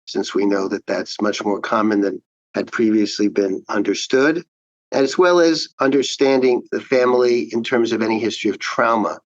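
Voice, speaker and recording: A man, a child psychiatrist, giving measured, explanatory answers in an interview. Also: on the low side, dry recording, highs cut off.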